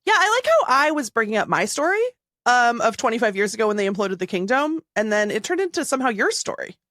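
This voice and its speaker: A woman co-hosting a podcast, chatting casually and cracking dry, deadpan quips. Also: fairly high pitch, fast, no room sound. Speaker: podcast co-host. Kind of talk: casual chat.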